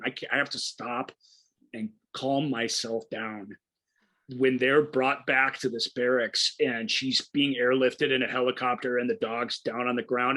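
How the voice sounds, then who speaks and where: A man co-hosting a movie podcast, telling a film's story with eager, halting enthusiasm and many restarts. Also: medium pitch, pushed and bright. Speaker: podcast co-host. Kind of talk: casual movie review chat.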